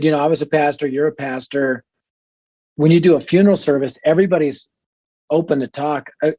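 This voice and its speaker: Husky-voiced man telling lively stories. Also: on the high side, dry recording, muffled recording. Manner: energetic storyteller acting out conversations. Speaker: guest, youth ministry leader. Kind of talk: podcast interview answers.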